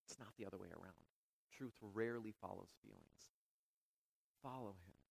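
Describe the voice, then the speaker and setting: A male pastor preaching a sermon, with dramatic rises into near shouting and hushed, quiet drops. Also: lowish voice, moderate pace, creaky, slightly rough, no echo, low-quality recording.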